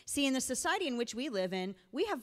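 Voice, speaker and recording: A woman's voice: sits high, big pitch swings, fast. A middle-aged woman from the Missouri Ozarks giving an emphatic, storytelling speech at a political rally in a large event hall. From rural Missouri Ozarks. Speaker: political speaker. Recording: live hall with long reverb.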